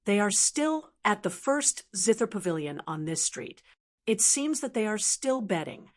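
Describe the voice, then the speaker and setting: A woman's voice: medium pitch, lively intonation, measured pace, natural voice. A woman voicing a frightened male servant who pleads bitterly, in an audiobook. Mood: pleading.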